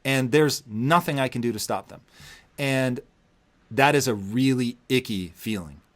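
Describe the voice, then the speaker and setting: A man hosting a podcast interview, telling a story with lively acted-out quotes and plenty of swearing. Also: medium pitch, measured pace. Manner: animated storyteller, acts out quotes, heavy swearing. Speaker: podcast host. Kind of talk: casual interview conversation.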